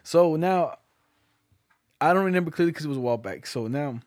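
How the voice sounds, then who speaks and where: A man's voice: a little high, lively intonation, a little fast, a little mellow, dry recording, studio quality. A young man telling a story in a loose, laid-back way, swearing often and laughing as he goes. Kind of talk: casual chat.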